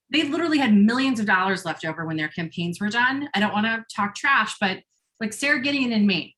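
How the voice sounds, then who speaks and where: A woman's voice: medium pitch, fairly bright tone. A woman organizer presenting on a video call, earnest, with many fillers and rising feeling. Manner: earnest, fillers, grows emotional. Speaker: campaign organizer.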